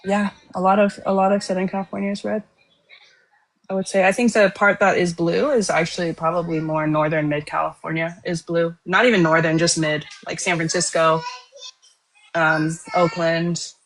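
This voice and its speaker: A woman's voice: lowish voice, flat delivery, moderate pace, slight background noise. A woman in a casual online political discussion, explaining her views in a self-assured way. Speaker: debate participant.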